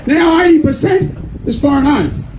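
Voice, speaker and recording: An older man with an Australian accent, giving a fiery, indignant rally speech as a member of parliament and often shouting. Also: very high voice, normal speed. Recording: echoey room with faint noise.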